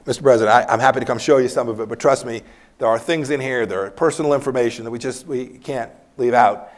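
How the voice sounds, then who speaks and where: A man's voice: mid-range voice, quick pace. Candid man telling stories at a lecture. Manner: candid, anecdotal, laughs while telling stories. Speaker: former secretary of state, guest speaker. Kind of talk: campus lecture Q&A, storytelling. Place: university lecture hall.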